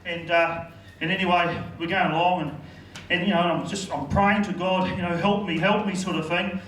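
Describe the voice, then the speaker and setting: A man's voice: high voice, level tone, moderate pace, a bit bright, reverberant, recorded from a distance, a little hiss or hum, low-quality recording. A man with a New Zealand accent doing rambling stand-up storytelling at a comedy club. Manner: rambling, lots of fillers and asides.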